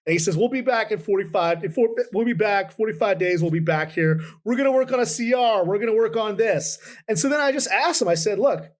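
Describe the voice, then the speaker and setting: A man who is a political reporter, telling stories from the Capitol in a conversational interview, animated and full of restarts. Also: high-pitched, fairly quick, few pauses. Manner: animated, quotes people in lively voices, many restarts.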